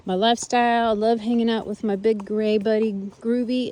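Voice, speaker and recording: A cheeky, stubborn old Arabian stallion, as a woman puts him on rambles along in a mellow, relaxed Southern drawl. His voice sits in an ordinary middle register and he teases his rider in a chatty, wandering way. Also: mid-range voice, close to an everyday voice. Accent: Southern US (put on). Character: older male Arabian horse, cheeky and stubborn. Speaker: horse owner voicing her horse. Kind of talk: casual in-character monologue. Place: outdoors on a trail.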